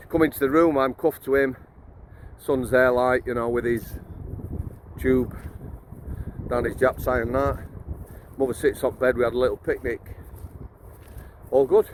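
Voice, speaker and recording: A man's voice: mid-range voice, a little hiss or hum. Blunt, jokey man. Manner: chatty, blunt and jokey, laughs mid-story, addresses viewers as guys. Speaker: former prison officer telling stories. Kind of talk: casual storytelling to camera.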